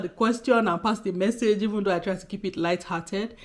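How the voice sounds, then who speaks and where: A woman's voice: medium pitch, fairly quick, few pauses. Emphatic young Nigerian woman vlogging. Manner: exasperated, emphatic, repeats rhetorical questions. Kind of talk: direct-to-camera vlog talk.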